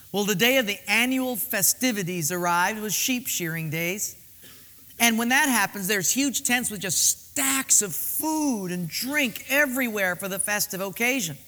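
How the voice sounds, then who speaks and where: A man preaching a sermon as a humorous, animated storyteller. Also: high voice, long reverb tail. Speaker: pastor.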